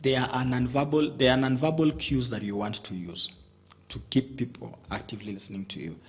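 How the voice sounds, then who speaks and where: Fairly quick and fairly even in intonation, his medium-pitched voice carries methodical communication advice. This male studio guest, a coach, numbers his points and keeps restarting his sentences.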